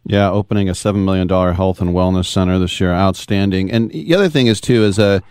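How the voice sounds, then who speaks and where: A man's voice: sits low, fast talker, darkish tone, smooth, no echo, studio quality. A man hosting a radio interview, asking enthusiastic, admiring questions. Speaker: radio show host.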